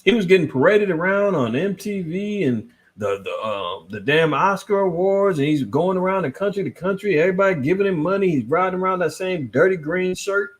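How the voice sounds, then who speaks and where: A man hosting a casual news commentary livestream, reading articles aloud and answering his chat in a lively, swinging voice. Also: a little fast, few pauses. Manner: animated, swinging between loud and low, reads articles aloud, talks to chat. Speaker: host.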